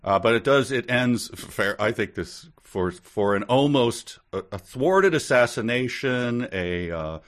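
A man's voice: medium pitch, lively intonation, unhurried, few pauses, fairly bright tone. A man co-hosting a podcast, joking through a book reading and laughing often. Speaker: podcast co-host. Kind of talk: casual comic chat and reading.

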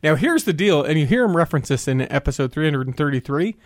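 A man's voice: a little high, lively intonation, fast talker, no echo. Casting: male podcast host, sore tongue, rambling and teasing, dry booth sound. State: sore tongue affecting his speech. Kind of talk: casual podcast chat. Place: home studio.

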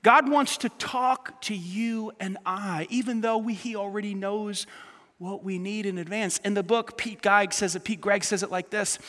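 A male pastor preaching an animated, emphatic sermon to a congregation, acting out the people he quotes. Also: high-pitched, normal speed, long reverb tail. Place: church auditorium with a live congregation.

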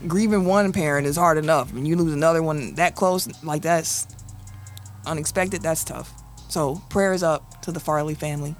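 A man's voice: on the high side, normal speed, soft background music. Laid-back man hosting sports chat. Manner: laid-back, wraps up segments. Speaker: podcast host.

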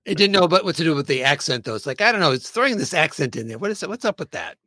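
A man's voice: on the high side, very animated, rapid-fire, bright, forceful tone, no echo. A man hosting a casual podcast chat and keeping the discussion moving. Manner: steers the talk along. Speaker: podcast host.

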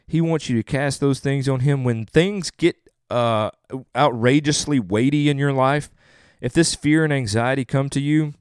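A young man preaches with earnest, emphatic conviction, leaning on repeated phrases to drive each point home. His voice sits at an ordinary middle pitch. The sound is dry and close, with no room echo. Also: darkish tone, smooth. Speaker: pastor. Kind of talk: sermon.

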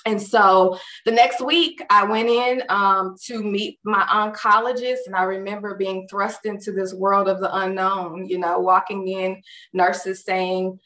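A woman recounts her own experience in a relaxed, conversational way, peppering her talk with fillers and animated quoted asides. Her voice sits at a middle pitch and sounds set back from the mic in an echoey room. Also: unhurried. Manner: animated, acts out others' words in quotes. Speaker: storyteller recounting a personal experience. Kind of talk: casual spoken personal story. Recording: roomy and distant from the mic.

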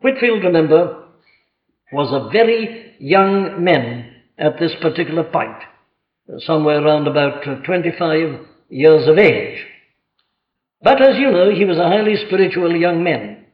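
A man preaching an expository sermon, reading scripture in old formal wording and then explaining it with emphatic, animated delivery. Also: a little slow. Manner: animated, emphatic delivery with wide pitch swings. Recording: echoey, dull lo-fi sermon recording.

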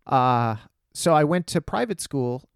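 A man's voice: medium pitch, measured pace, creaky, clean tone, no room sound, studio quality. A middle-aged man from Texas, a stand-up comedian telling stories in casual conversation, blunt and profane, acting out the voices of the people he quotes. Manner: animated storyteller who acts out quoted voices, blunt and profane.

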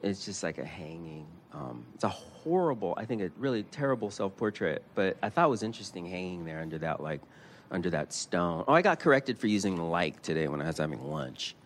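A man, a poet, reading his prose aloud and then chatting casually about his art, animated and given to quick mimicry. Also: slight background noise. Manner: animated, jumps into high-pitched mimicry of others. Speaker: poet and guest.

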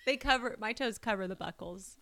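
A woman's voice: on the high side, a little fast, fairly bright tone. A woman co-hosting a casual true-crime podcast, sarcastic and joking, often laughing. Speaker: podcast co-host.

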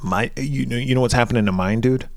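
A man's voice: medium pitch, fast talker, vocal fry, no room sound, clean studio sound. A man co-hosting a podcast, recapping a movie in casual chat, laid-back and swearing freely. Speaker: podcast co-host.

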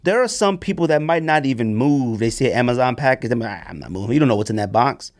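A man hosting a casual sneaker podcast, ranting with sarcasm and sudden high-pitched bursts of emphasis. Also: lively intonation, quick pace, no room sound, clean studio sound. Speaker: podcast host.

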